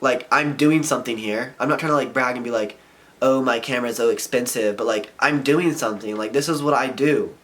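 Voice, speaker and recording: A young man at a mid pitch vents to camera in a loose, rambling rant. He sounds frustrated and keeps tripping through his sentences. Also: brisk, few pauses, fairly bright tone. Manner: frustrated rambling, heavy filler "like". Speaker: vlogger and skater. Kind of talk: casual ranting vlog.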